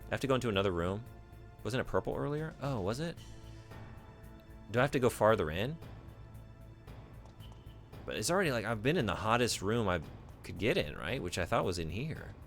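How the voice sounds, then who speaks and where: Deep gravelly guy streaming a game, rambly, voice bouncing all over, answers chat. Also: very animated, brisk, long pauses, soft background music. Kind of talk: casual gaming stream chat.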